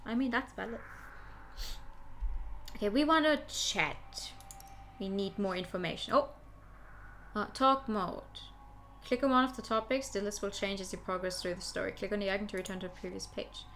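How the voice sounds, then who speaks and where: A woman's voice: mid-range voice, moderate pace, long pauses, fairly bright tone, a little hiss or hum. A young woman streamer playing a story game, reading its text aloud and chatting about it between lines.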